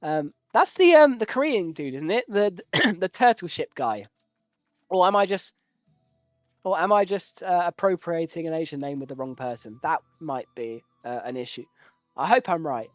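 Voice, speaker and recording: A man's voice: a little high, expressive, moderate pace, dry recording, clean studio sound, soft background music. A man giving casual, rambling live commentary while playing a strategy game, joking at his own expense and swearing now and then. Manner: rambling, jokey, self-deprecating.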